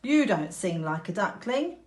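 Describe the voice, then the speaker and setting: A woman's voice: medium pitch, very animated, unhurried. Storybook horse, scornful and snooty, put on by a woman reader. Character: sniffy farmyard horse. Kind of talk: storybook reading aloud.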